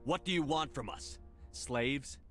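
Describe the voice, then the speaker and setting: Man voicing a defiant soldier commander, firm challenging tone, mid-pitched, game music behind. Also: measured pace, fairly bright tone, close to an everyday voice. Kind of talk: video game dialogue.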